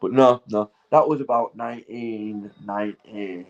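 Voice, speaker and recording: A man's voice: on the low side, fairly even intonation, moderate pace, highs cut off. Northern English man, 40s, intoxicated livestreamer; meandering monologue, laughs at his own thoughts, swears freely. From England. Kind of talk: rambling casual chat to viewers.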